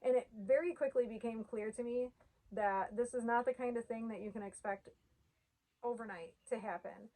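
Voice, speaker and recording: Woman vlogger in her thirties, a touch high-pitched, earnest and heartfelt, tearful edge, casual to-camera talk. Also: moderate pace, mellow, rough recording. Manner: earnest, heartfelt, uses "like" often. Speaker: vlogger sharing her denture journey.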